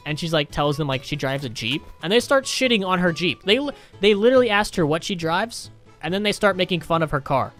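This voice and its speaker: A man with a slightly high voice tells a story in casual commentary over gameplay. His delivery is animated and profane, swinging widely in pitch as he rants. Faint game music plays underneath. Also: brisk. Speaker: gaming YouTuber.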